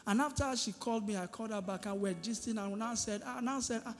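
High-voiced pastor preaching in a hall. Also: male voice, fast talker. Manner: call-and-response preaching, asking the congregation "what?". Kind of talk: sermon. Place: church hall. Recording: reverberant hall with music behind.

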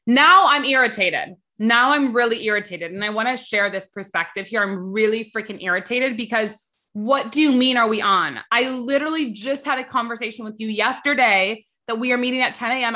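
Young adult woman, podcast host, bright tense tone, casual emphatic storytelling with swearing. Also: a little high. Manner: chatty, emphatic, swears freely, rants when irritated.

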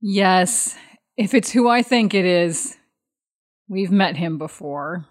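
Woman player, unhurried, lively pitch, playful. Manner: playful, laughing. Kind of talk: casual tabletop game play.

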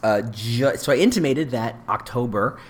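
A man's voice: medium pitch, animated, moderate pace, slightly rough. A middle-aged man hosting a casual solo podcast, talking in a rambling, chatty way and often correcting himself mid-sentence. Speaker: podcast host.

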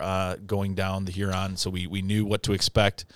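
Male podcast co-host, smooth, dry-sounding storyteller who swears a lot. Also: sits low, moderate pace, dry recording. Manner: animated storyteller, swearing, acting out a friend's angry yelling in a raised voice. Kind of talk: casual storytelling chat.

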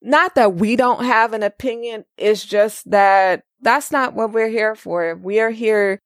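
A woman's voice: fairly high pitch, a little slow, no room sound, studio quality. A woman co-hosting a casual racing podcast, chatting and reading listener comments aloud. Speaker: podcast co-host.

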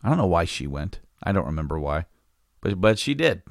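A man with a fairly low voice tells a winding story in relaxed conversation, stumbling over restarts and breaking into laughter often. The sound is dry and close, with no room around it. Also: brisk, vocal fry, dry recording. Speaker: podcast guest telling a story. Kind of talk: casual storytelling chat.

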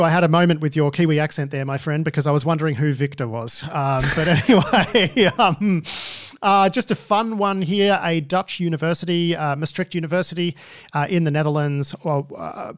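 Higher-voiced man hosting, dry sound. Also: no echo. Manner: chatty, wry, many fillers. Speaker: podcast host. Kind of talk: casual news chat.

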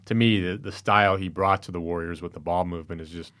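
A man discussing basketball in a measured way and asking his co-host questions. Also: low-pitched, steady tone, a bit bright. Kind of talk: casual sports discussion.

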